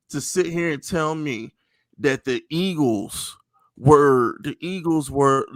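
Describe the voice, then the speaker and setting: A man hosting a casual sports podcast, talking in an animated, mocking, slangy way. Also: mid-range voice, vocal fry, no room sound. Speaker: podcast host.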